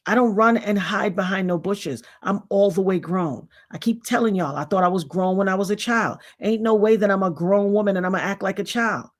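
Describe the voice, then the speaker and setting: A woman's voice: mid-range voice, brisk, few pauses. A middle-aged woman giving a blunt, emphatic commentary monologue, lecturing her viewers directly. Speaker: vlogger.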